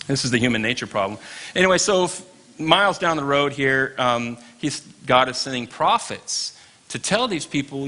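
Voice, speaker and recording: A man's voice: medium pitch, expressive, moderate pace, pushed and bright. A man teaching an informal Bible class, chatty and wry, tossing asides to his listeners.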